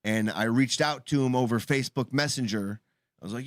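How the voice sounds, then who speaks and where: A man co-hosting a live call-in show, telling a long story in casual chat, halting and restarting often. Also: mid-range voice, no room sound, studio quality. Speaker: podcast co-host.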